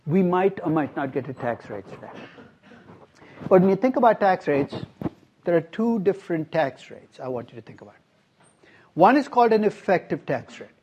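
A man's voice: fairly high pitch, a little mellow, dull audio. A middle-aged man giving a classroom lecture as a professor, quizzing his students and dropping wry asides. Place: university classroom.

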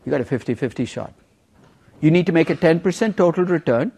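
A man teaching a university finance class, emphatic and lively, teasing students with questions. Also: on the high side, a little fast, creaky, husky. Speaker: finance professor. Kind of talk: university lecture.

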